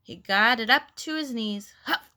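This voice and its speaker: Bright, slow-reading woman storyteller. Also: fairly high pitch. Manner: expressive, playful sound effects. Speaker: storybook reader. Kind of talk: children's story read-aloud.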